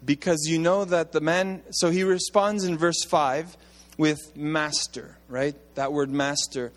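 A man preaching a sermon as pastor, conversational and animated, with asides to his congregation. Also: fairly high pitch, a little slow, long reverb tail.

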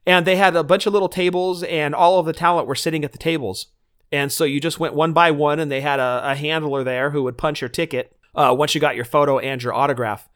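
A man co-hosting a podcast, telling stories in relaxed chat with lots of fillers and acted-out quotes. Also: a little high, fairly quick. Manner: animated storytelling with fillers. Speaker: podcast co-host. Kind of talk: casual chat.

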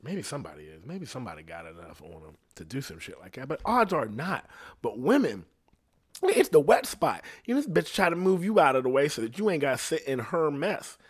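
Guy on a podcast just riffing, swearing a lot, mid-pitched voice, keeps going "you know what i'm saying". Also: fairly quick, husky. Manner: animated, pitch and loudness swinging widely between phrases. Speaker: podcast host. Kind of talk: casual comedic monologue.

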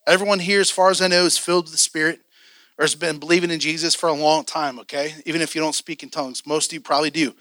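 Male teacher, bright and forceful, animated storyteller who voices the characters. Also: dry recording, clean studio sound. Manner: animated storyteller, voices his past self and others, jumps loud and high. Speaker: prophetic ministry teacher. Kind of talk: energetic teaching with acted-out stories.

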